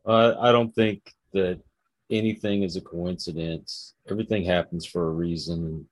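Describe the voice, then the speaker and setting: A man's voice: low-pitched, fairly even intonation, normal speed, no room sound. A man hosting an interview, speaking earnestly and encouragingly to his guest. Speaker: interview host. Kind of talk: casual interview conversation.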